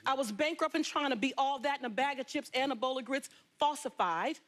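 A woman from Los Angeles with a notably high voice recounts her life story as a guest on a talk show. She is animated and emphatic, moving briskly.

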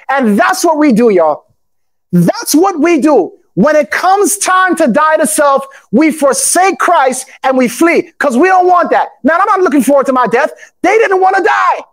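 Man, high voice, pastor, sermon, shouts to the congregation, reads old-style scripture. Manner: call-and-response preaching, often bursts into shouts; reads scripture aloud in old formal English.

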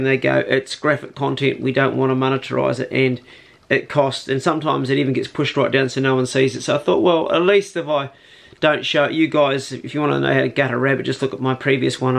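A man's voice: mid-range voice, creaky. A man, chatting casually and slangily in his hunting vlog, first out on a farm and then indoors. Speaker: hunting vlogger.

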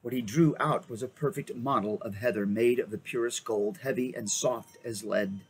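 A man reading a children's novel aloud in an expressive, animated way. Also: medium pitch, normal speed, slightly rough, poor audio. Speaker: reader. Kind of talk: storybook read-aloud.

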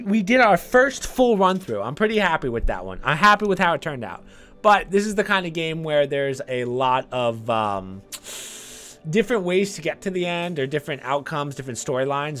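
A man giving casual gameplay commentary as a streamer, excitable, swearing now and then and talking to his viewers. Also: sits high. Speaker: gaming streamer.

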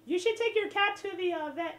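A woman with a very high, childlike voice, talking in a silly, innocent way for a gaming prank video. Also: fairly quick, fairly bright tone, reverberant, slight background noise. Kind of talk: casual vlog intro and game chat prank.

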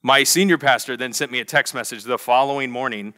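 A young adult man preaching a lively sermon, telling a story with big energy and acting out the voices in quotes. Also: medium pitch, a little fast. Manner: animated, acts out voices in quotes. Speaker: pastor.

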